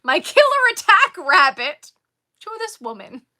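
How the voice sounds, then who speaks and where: Bright, lively woman telling a story. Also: sits high, a little slow. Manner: animated, exasperated storytelling. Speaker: crochet vlogger. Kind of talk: casual storytelling.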